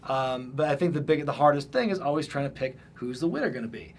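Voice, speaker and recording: A man hosting a wrestling prediction show, chatty and enthusiastic, a little hoarse from losing his voice. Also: mid-range voice, lively intonation, quick pace, a little hiss or hum. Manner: enthusiastic, chatty, many restarts. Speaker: podcast host. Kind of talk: casual wrestling prediction chat.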